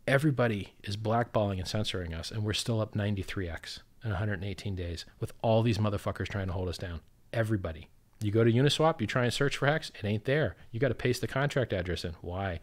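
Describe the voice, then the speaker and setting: A man ranting in a casual chat, swearing constantly, with sudden loud outbursts and sarcastic mock quotes. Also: on the low side, quick pace. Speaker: crypto project founder, guest.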